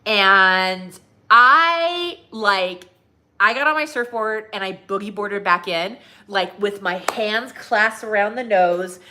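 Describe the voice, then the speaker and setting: A woman weight loss coach tells her own story in a loose, chatty way, full of little fillers. Her voice sounds bright and clear, sitting in a middle pitch for a woman. She is from Southern California. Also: animated, slow. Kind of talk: personal storytelling.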